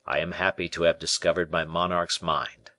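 A man reading an audiobook, voicing a scheming courtier who speaks in a measured, low, persuasive way. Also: little pitch movement, sharp tone, no echo.

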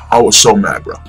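A young man giving a ranting anime review, excitable and profane, often stumbling over restarts. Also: on the low side, slightly rough, poor audio. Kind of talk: ranting video commentary.

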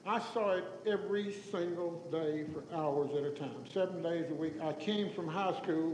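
High-voiced older Texan man in echoey hall. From Tyler, Texas. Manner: animated, acts out voices in his stories, chuckles. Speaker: storyteller giving an oral history. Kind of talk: folksy anecdotal talk to an audience. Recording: echoey hall recording with faint noise.

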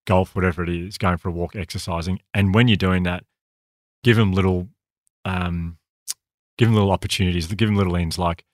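Fast-talking deep Australian man. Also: steady tone, no echo, clean studio sound. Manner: earnest, talks quickly with restarts. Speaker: podcast co-host. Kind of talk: candid conversational storytelling.

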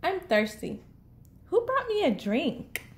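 A woman's voice: very high voice, wildly swooping pitch, slow pace, a little hiss or hum, pitched above the performer's own voice, full character voice. A woman voicing a fussy, picky young male bird in a storybook, making grudging, wry remarks.

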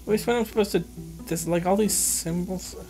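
A woman's voice: medium pitch, normal speed. A young woman giving let's play commentary, muttering to herself and cursing in frustration at a puzzle. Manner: exasperated, swearing, muttering to herself. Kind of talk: video game commentary. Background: faint game music.

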